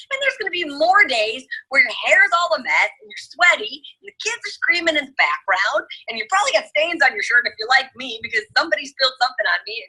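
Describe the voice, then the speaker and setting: A woman host talks in an animated, emphatic way and keeps speaking straight to her listeners. Her voice is very bright and sharp, with a husky edge, and her pitch sits a little high. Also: low-quality recording. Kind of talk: casual chat.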